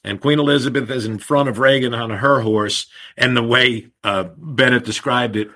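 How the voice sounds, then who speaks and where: A man in his sixties, a podcast co-host telling animated anecdotes in casual chat, with some swearing. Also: mid-range voice, moderate pace. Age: 60s.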